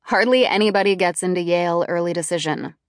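A woman voicing a confident, pushy teenage girl who talks in a brisk, insistent way. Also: lowish voice, dry recording, studio quality, close to an everyday voice.

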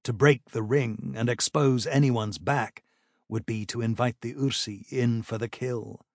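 Slow, dry-voiced male narrator. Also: mid-range voice, dry recording. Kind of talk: audiobook narration.

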